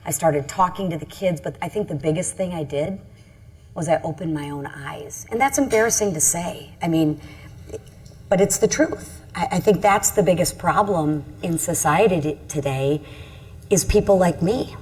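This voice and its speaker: Earnest middle-aged congresswoman, slightly low voice. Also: moderate pace, a little mellow. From Michigan. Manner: earnest, candid, self-critical storytelling. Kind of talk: panel discussion, personal story.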